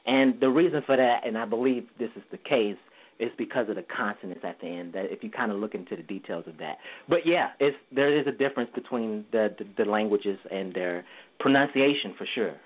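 A man's voice: fairly low pitch, a little fast. A male guest teacher explaining Mandarin tones in a casual interview, singing vowel sounds to show each tone and laughing easily. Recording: tinny phone line.

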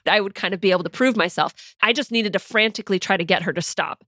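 A woman's voice: mid-range voice, fast talker, bright, forceful tone, no room sound, clean studio sound. A young woman in a teaching monologue, talking earnestly and casually as a mindset coach and acting out her own anxious thoughts in examples. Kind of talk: teaching monologue with personal stories.

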